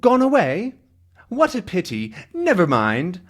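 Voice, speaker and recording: A polite, muddled old gentleman who can barely hear, read aloud from a comic by a man putting on the voice. He talks in a high, strained, raised voice and swings widely through his pitch, as if shouting to hear himself. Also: huge pitch swings, measured pace, full character voice. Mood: confused. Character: hard-of-hearing old male visitor, polite and muddled.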